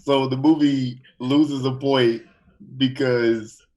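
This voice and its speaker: A man's voice: medium pitch, steady tone, takes it slowly, darkish tone, muffled recording. A man guesting on a casual movie-review podcast, talking in a laid-back, wry way with casual swearing.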